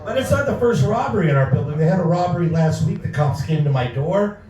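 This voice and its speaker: A man performing a stand-up comedy set on a club stage with a wry, deadpan delivery. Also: high voice, fast talker, a little hiss or hum. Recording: echoey club sound from far off.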